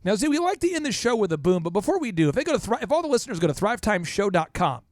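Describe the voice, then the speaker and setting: A man from Minnesota hosting a business podcast, telling stories with energetic, salesy flair. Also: high-pitched, rapid-fire, no echo, clean studio sound. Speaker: podcast host.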